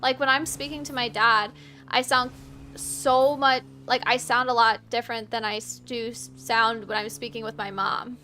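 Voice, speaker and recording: A woman with a Virginian Southern accent, chatting casually and rambling while she streams a game, with frequent "like"s and quick laughs. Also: a little high, fairly even intonation, pushed and bright, slight background noise. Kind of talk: casual live-stream chat while gaming.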